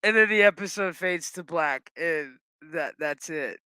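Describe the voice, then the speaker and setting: A man's voice: fairly high pitch, unhurried, pushed and bright, smooth, no room sound. A man giving a casual, profane, rambling episode recap with sarcastic asides. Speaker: show recap host.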